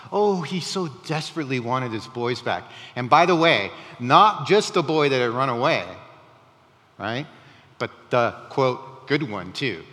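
A man preaching a sermon in a conversational, animated way, with rising emphatic questions. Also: mid-range voice, long reverb tail. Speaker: pastor.

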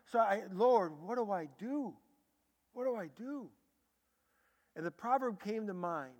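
Guy preaching in a big church, highish voice, long echo trailing off, goes loud then real quiet. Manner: animated storytelling, swinging from loud bursts to hushed tones. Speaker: pastor. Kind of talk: sermon. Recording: long hall reverb.

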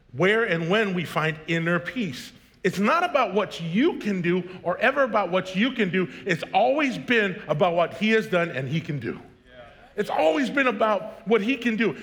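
A man in his thirties preaching from the pulpit, his voice sitting a little high for a man. He moves from joking family stories into emphatic, rising preaching. A long church reverb trails each phrase. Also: lively intonation, normal speed, a bit bright. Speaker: pastor. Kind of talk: sermon. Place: church sanctuary.

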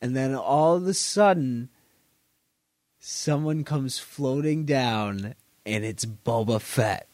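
A man on a casual podcast retelling a video game scene in a rambling, animated way, acting out quoted lines and laughing and swearing as he goes. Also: medium pitch, takes it slowly, dry recording, clean studio sound. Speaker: podcast co-host or guest.

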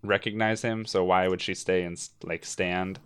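Low smooth-voiced man in casual chat. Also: fairly even intonation, moderate pace. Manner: hesitant, repeats words, dry humor. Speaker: movie discussion panelist.

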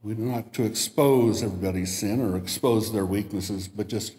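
A man's voice: lowish voice, moderate pace, darkish tone, a little hiss or hum. A man giving a sermon in a church and reading a story aloud, lifting his voice for the quoted lines. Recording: echoey hall with long reverb.

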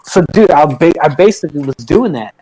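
A man's voice: on the high side, lively intonation, fairly quick, a loud crowd, rough recording. A man who is a teacher, chatting casually with friends, telling long rambling stories full of swearing and acted-out quotes. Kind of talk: casual chat among friends.

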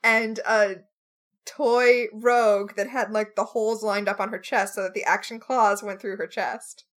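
A woman's voice: mid-range voice, fairly even intonation, unhurried, fairly bright tone. A woman co-hosting a casual podcast chat, sarcastic and given to mock outrage. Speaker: podcast co-host.

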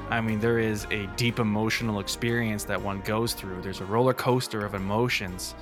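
A man chats as a podcast guest, joking theatrically and running himself down. His voice sits on the low side. Music plays clearly behind him. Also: steady tone, normal speed. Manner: self-mocking, jokey, theatrical. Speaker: podcast guest, game composer. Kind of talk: casual podcast chat.

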